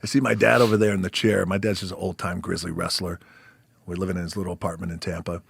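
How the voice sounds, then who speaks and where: A man in his fifties with a very deep, gravelly and husky voice spins a long story for a podcast. He swears freely and acts out other people's lines as he goes. The sound is close and dry in a studio mic. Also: flat delivery, fast, dry recording. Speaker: podcast guest. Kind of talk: casual storytelling.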